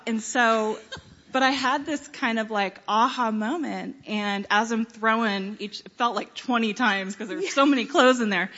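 A woman's voice: on the high side, fairly bright tone, dull audio. Earnest woman sharing her church testimony. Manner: earnest storytelling with many fillers and pauses. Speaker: church member giving a testimony. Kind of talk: personal testimony to a congregation.

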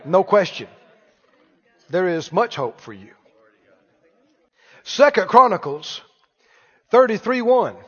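A man with a high voice preaches to his congregation, calling out questions and pressing his points hard. His voice rings through a long church reverb. The recording sounds muffled and dull. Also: big pitch swings, slow, pauses often. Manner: call-and-response preaching, rising to loud emphatic lines. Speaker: pastor. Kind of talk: sermon.

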